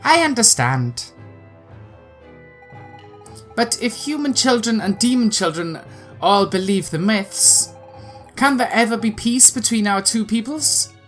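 A woman's voice: a little high, lively intonation, slow, long pauses, faint music behind. A woman voicing an earnest, thoughtful young heroine over a video game.

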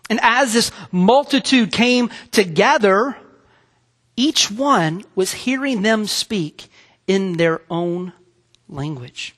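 A man with a high voice preaches slowly from the pulpit, earnest and halting, circling back over his words before he moves on. His voice trails into a long reverb that fills the church sanctuary. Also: a bit bright. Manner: earnest, halting with repeated restarts. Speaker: pastor. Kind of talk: sermon.

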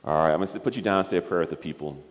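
A man, a pastor, giving a gentle children's sermon, coaxing a puppet and stumbling over restarts as he talks. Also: sits low, racing. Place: church sanctuary. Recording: long church reverb.

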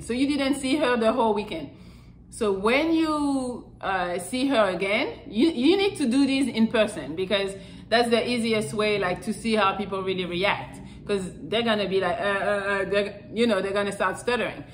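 This casual to-camera dating advice comes from a woman vlogger with a medium-pitched voice, recorded on poor audio with a little hiss or hum. She's frank and profane, rambling along with lots of fillers.

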